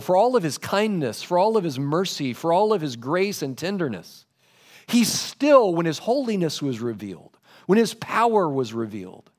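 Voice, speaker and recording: A man preaching a sermon, lively in delivery, dropping low and soft when quoting scripture. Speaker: pastor.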